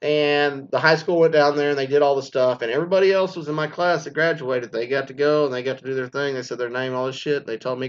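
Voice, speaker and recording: Talking fast with barely a pause, a Texan former teacher unloads a profane, rambling rant on school graduations, full of mocking side comments. His medium-pitched voice holds a steady tone, and the high frequencies are cut off.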